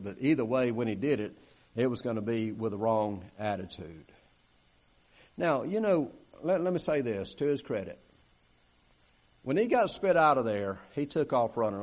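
Preacher calling for amens. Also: male voice, mid-range voice. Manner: conversational, calls for amens, acts out quoted grumbling. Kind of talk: sermon. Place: church sanctuary.

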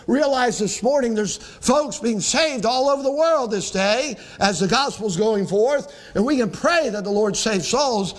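A man with a higher-than-usual voice delivers a Sunday sermon. He preaches earnestly, dragging out key words for emphasis and reading scripture aloud to his congregation. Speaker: pastor.

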